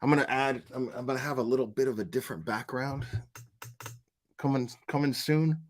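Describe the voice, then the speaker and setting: A man's voice: mid-range voice, a little fast, slight background noise. A man hosting a commentary channel, talking casually and profanely, rambling and answering his chat.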